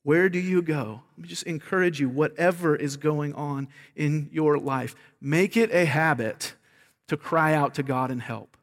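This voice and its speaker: A man's voice: fairly high pitch, measured pace. A man preaching a sermon as pastor, earnest and emphatic, often repeating words as he makes a point. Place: church sanctuary. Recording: long reverb of a large hall.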